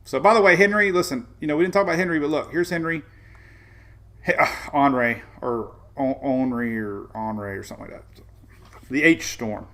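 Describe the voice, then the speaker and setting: A man with a gravelly, fry-edged voice hosts a live weather show in a loose, chatty way. He rambles, restarts his sentences, and drifts between map talk and venting. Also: on the high side, fast, fairly bright tone. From Florida, United States. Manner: rambling, chatty, vents then jokes.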